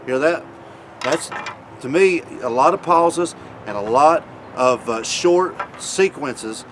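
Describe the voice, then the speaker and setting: A man giving a casual hunting demonstration in a folksy, repetitive way. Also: medium pitch. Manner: folksy, repeats himself, pauses to demonstrate. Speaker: hunting video host. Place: outdoors. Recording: loud background noise outdoors.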